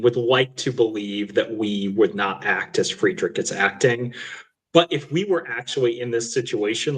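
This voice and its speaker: A man's voice: fairly low pitch, husky, low-quality recording. A man co-hosting a film podcast, building long, thoughtful analytical sentences. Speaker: podcast co-host. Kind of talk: casual film discussion.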